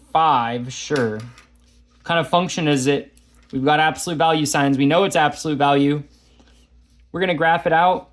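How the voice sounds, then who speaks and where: In a fairly high, slightly bright voice, a man works through graphing problems during a math lesson. The walkthrough is casual, and he's talkative and pokes fun at himself.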